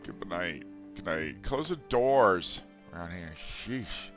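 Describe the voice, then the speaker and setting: Middle-aged guy narrating his gameplay, slow and rambly, voice bounces all over, faint music behind. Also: low-pitched, expressive. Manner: rambling, self-amused, talks to viewers. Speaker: let's play host. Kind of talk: casual gameplay commentary.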